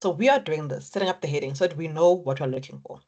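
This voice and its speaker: Woman lecturer, low voice, encouraging, walks students through steps. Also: fast talker, darkish tone. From Africa. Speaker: accounting lecturer. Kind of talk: exam technique lecture.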